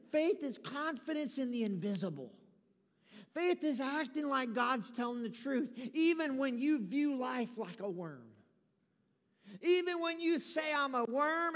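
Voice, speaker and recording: A male pastor preaches with a very high voice, folksy and emphatic, building his points until he is shouting. His voice rings out with a long reverb through a large hall. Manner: folksy storytelling with humor. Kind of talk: sermon.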